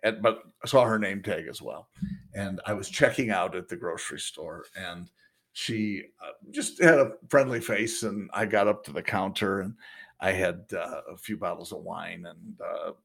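A man's voice: low-pitched, moderate pace, vocal fry, fairly bright tone, breathy edge. A man co-hosting a casual podcast, rambling through stories and laughing often. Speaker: podcast co-host. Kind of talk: casual chat.

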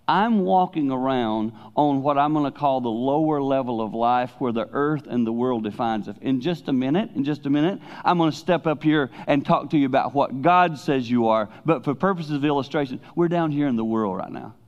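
An older man preaching a sermon, swinging between loud emphasis and hushed, personal asides. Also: medium pitch, normal speed, hardly any pauses. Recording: dull lo-fi recording.

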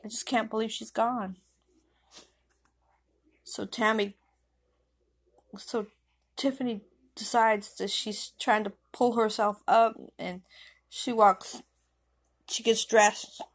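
A woman telling an improvised story in a rambling, halting way with many restarts. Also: mid-range voice, gravelly.

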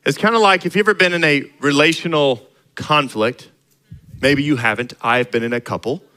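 A man's voice: on the high side, normal speed, pushed and bright, low-quality recording. A middle-aged male pastor preaching a sermon in a conversational way, acting out little dialogues and rising to emphatic points.

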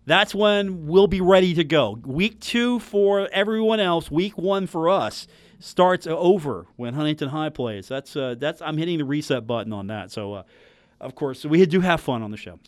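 A man's voice: on the high side, normal speed, dry recording. A man hosting live sports radio from a studio, rambling and joking with lots of restarts. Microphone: studio microphone.

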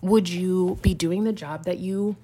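A woman's voice: lowish voice, steady tone, measured pace, dark tone, breathy edge. A woman hosting a motivational podcast, talking in a gushing, emphatic, repetitive way. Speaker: podcast host.

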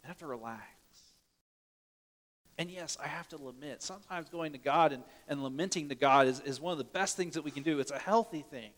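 A man preaching a sermon earnestly, swinging between loud urgent lines and hushed soft ones, often repeating words as he restarts. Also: fairly high pitch, a little fast, long reverb tail. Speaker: pastor.

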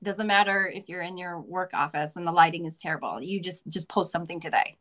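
A woman's voice: lowish voice, fairly bright tone. A woman from the Midwestern US, a guest chatting casually in an interview, upbeat and goofy, laughing often. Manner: goofy, upbeat, talks in quick bursts with laughs.

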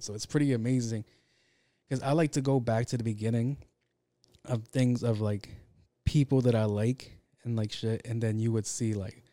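A man's voice: mid-range voice, fairly even intonation, normal speed, warm tone, no room sound. Rambling, profane podcast host man. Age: adult with kids. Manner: rambling, profane, heavy with fillers. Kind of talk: casual solo podcast chat.

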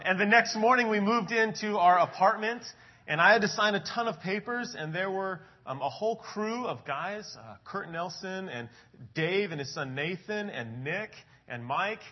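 A man's voice: fairly high pitch, slightly rough, dull audio. A man in his thirties, an adult ministries pastor, giving a casual sermon to his congregation in a chatty storytelling way with frequent ums and uhs.

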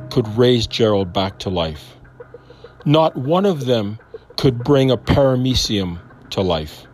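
A man in his fifties tells a personal faith story out loud, earnest and rambling, often stopping to question himself. His voice sits at an ordinary middle pitch for a man. Soft music plays faintly under him. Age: 50s. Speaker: Christian storyteller. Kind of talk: personal testimony monologue.

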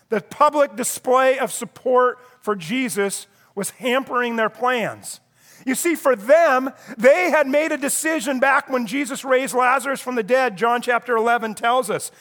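A man's voice: very high-pitched, a bit bright. A middle-aged man preaching a sermon as a pastor, telling the story vividly and acting out the voices of the crowd.

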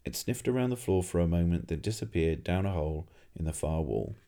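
A man narrates a story in a very low, gravelly voice. His delivery swoops widely in pitch, and the tone is dark and mellow. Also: expressive, fairly quick. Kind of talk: audiobook reading.

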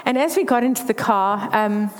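Long hall reverb surrounds this slightly high female voice, which moves at a moderate pace. She offers an earnest, candid personal testimony about her faith.

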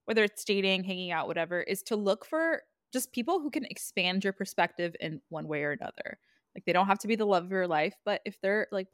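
A woman's voice: mid-range voice, no room sound, clean studio sound. A young woman co-hosting a podcast in casual, reflective chat, full of fillers. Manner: chatty, reflective, many fillers like "like". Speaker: podcast co-host.

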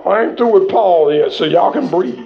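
A man a sermon with shouting, call-and-response delivery. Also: sits high, lively intonation, normal speed, creaky. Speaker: preacher. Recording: dull lo-fi recording.

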